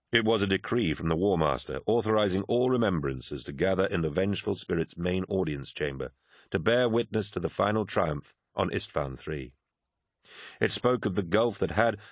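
A male narrator reads a novel aloud in a low voice, telling the story steadily and evenly. The sound is dry and close, with no room around it. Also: no room sound. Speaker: audiobook narrator. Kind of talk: scripted narration.

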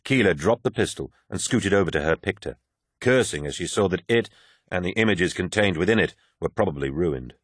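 A man narrating a science-fiction audiobook in a steady, measured way. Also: low voice, dry recording, clean studio sound. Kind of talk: scripted narration.

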